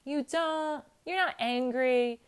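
A woman's voice: sits high, takes it slowly. A woman giving a candid personal monologue, blunt and emphatic, swearing casually and acting out quotes as she tells stories. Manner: animated storytelling with acted-out quotes.

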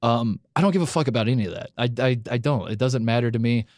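A man's voice: medium pitch, fast talker, a little mellow, no room sound, clean studio sound. A young man hosting a casual podcast, rambling with lots of restarts and stammered repeats. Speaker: podcast host.

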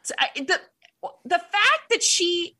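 A woman's voice: very high-pitched, big pitch swings, takes it slowly, pushed and bright. A woman co-hosting a casual comedic movie chat, incredulous and sarcastic as she riffs. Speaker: podcast co-host.

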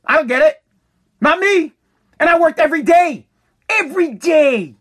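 A man's voice: extremely high pitch, lively intonation, moderate pace, fairly bright tone. A man who runs a contracting business, delivering a heated, profane political rant and hammering his points again and again. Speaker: working contractor.

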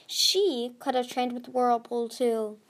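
A woman's voice: a little high, fairly even intonation, slow pace. A woman reading the part of a doting female sea dragon queen who speaks wistfully, with sighs. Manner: sighing, wistful.

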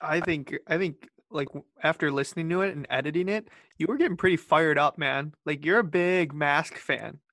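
A man's voice: fairly high pitch, moderate pace, few pauses, a bit bright, no echo, clean studio sound. A man co-hosting a podcast in casual chat, joking and teasing his friend. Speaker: podcast co-host.

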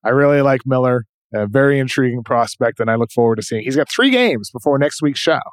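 A man with a New England accent hosting a basketball podcast, giving quick, informal rundowns of players. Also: medium pitch, animated, clear, resonant tone, dry recording. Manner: brisk, informal, rundown style. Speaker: podcast host. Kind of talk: casual basketball chat.

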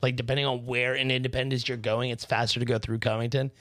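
A man's voice: medium pitch, flat delivery, quick pace, a bit bright, no room sound, studio quality. A man co-hosting a podcast, telling stories in laid-back casual chat. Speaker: podcast co-host.

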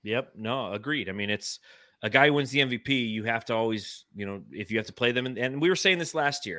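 A man in his thirties co-hosting a casual sports talk show, animated and swearing now and then. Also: medium pitch, fast talker, no echo, studio quality. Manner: animated, swears, reads chat comments. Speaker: podcast co-host.

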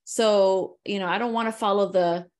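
A woman talking in an easy conversational flow, swinging between English and Spanish mid-thought. Her pitch sits in a middle register and moves a lot, animated and quick to laugh. It sounds like relaxed talk between friends. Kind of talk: casual conversation.

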